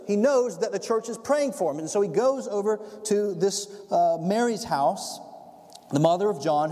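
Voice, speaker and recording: Animated male preacher in a reverberant hall. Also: high voice. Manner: animated storytelling, acts out scenes. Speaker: pastor. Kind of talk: sermon.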